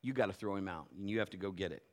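A middle-aged man preaching a sermon, telling folksy personal stories and swinging from quiet asides to loud, emphatic points. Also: low voice, rapid-fire. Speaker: pastor.

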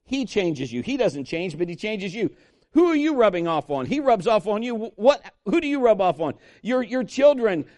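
A man's voice: high-pitched, a little mellow. A man preaching a sermon, emphatic, calling on the congregation to respond. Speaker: pastor.

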